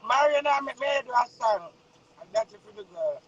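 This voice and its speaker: A woman hosting a live stream, relaxed, playful and chatty. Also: sits high, fairly quick, dull audio, slight background noise. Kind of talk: casual live stream chat.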